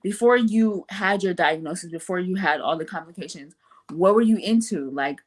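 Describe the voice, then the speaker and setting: A woman hosting a casual interview, reacting quickly and using easygoing slang. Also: fairly low pitch. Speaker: host.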